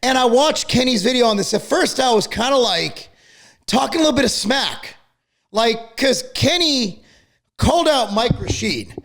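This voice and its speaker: A middle-aged man ranting to camera about a feud, angry, profane and worked up to the point of yelling. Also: very high voice, lively intonation, moderate pace, creaky. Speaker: fitness company owner and channel host.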